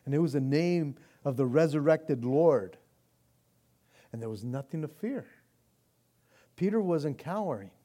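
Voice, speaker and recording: A man delivers a sermon in a loose, conversational way, full of slang. His voice sits a little high for a man. He builds steadily toward impassioned intensity. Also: lively intonation, a little slow, long pauses, warm tone. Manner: casual, slangy preaching that keeps saying "man". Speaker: pastor.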